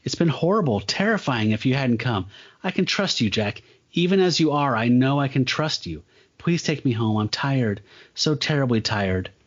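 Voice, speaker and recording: A man's voice: mid-range voice, animated, normal speed, muffled recording, lightly acted. A man voicing a frightened, exhausted young woman from a comic, pleading to be taken home. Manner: pleading, weary.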